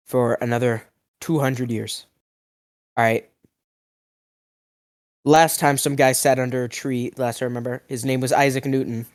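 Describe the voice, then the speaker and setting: Rambling young man with cracking voice. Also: medium pitch. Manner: rambling, mock-outraged, swings between mumbling and yelling. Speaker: food review vlogger. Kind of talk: absurd comedic storytelling.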